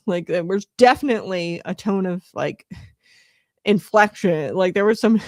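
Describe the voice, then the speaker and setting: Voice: mid-range voice, no room sound. Rambling commentary host, dry close sound. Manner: rambling, filler-heavy, laughs often. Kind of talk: casual political commentary.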